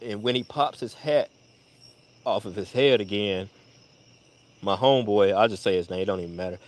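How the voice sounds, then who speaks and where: A man casually telling a long personal story, full of swearing, who jumps to a much higher voice when quoting people. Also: moderate pace. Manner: profane, animated retelling with high-pitched voices for quoted people. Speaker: storyteller on a live audio chat.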